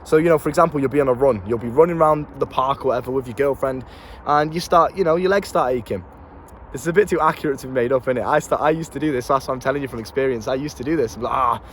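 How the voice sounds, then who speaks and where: A fast-talking young man with a medium-pitched voice gives a casual motivational speech to camera outside in town. Playing a self-improvement coach, he swears, uses slang, repeats words, and speaks bluntly, with faint street sounds behind him.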